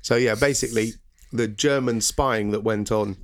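A man's voice: on the low side, fairly even intonation, moderate pace. A man hosting a casual educational podcast, talking with frequent ums and quizzing his co-host.

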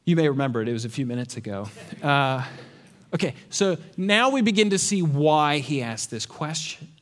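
Male pastor, sermon, high and expressive, quick rhetorical questions. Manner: animated, sarcastic asides, rhetorical questions.

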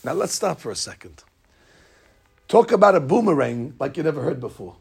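Guy teaching a religious story, jokey and animated, gravelly voice. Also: fairly high pitch, fairly quick. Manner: lively, jokey, acts out scenes.

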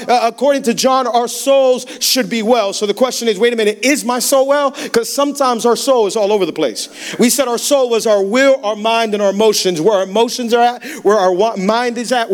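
A young male pastor preaches a sermon, his voice pitched very high. He tells stories with humor and slips into acted-out lines. The talk is animated throughout. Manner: animated, humorous, acts out quotes. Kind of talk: sermon with storytelling. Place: church sanctuary.

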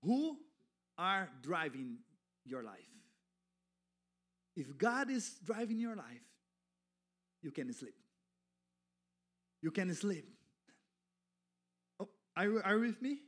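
Man preaching, very high voice, slow and halting, non-native English, rising to fervent shouts. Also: very animated. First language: not English. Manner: halting, self-correcting, builds to fervent shouting. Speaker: guest preacher. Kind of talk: sermon.

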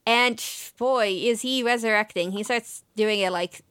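A woman's voice: a little high, a little slow, a bit bright, clean tone, no room sound, studio quality. A woman co-hosting a casual podcast, recapping an anime episode in a chatty, emotional way with lots of fillers. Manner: chatty and emotional, with many fillers and quoted lines. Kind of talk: casual chat.

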